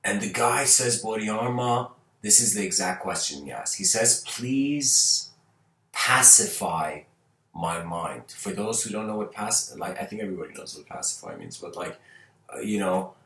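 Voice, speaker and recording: A man's voice: sits low, lively intonation, brisk, gravelly, fairly bright tone. A man who is a spiritual teacher, answering viewer questions in a casual, rambling way with many restarts. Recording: roomy, distant mic.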